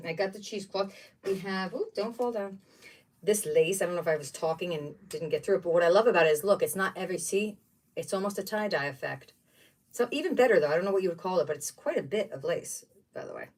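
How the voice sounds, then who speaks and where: A woman hosting a casual craft livestream, chatting and exclaiming over each item she unboxes. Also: lowish voice. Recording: voice somewhat distant from the mic.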